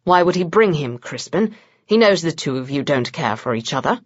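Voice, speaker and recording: A woman voicing a grave, wary male vampire who speaks lower and questions things, in a dull, dry recording. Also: expressive, moderate pace, husky, no room sound. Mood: concerned.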